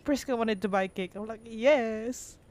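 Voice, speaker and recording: Excitable young woman, Filipino-Australian English. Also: medium pitch, normal speed. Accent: Filipino English shifting between American and Australian. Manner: excitable storyteller, playful teasing. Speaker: podcast co-host. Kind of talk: casual chat.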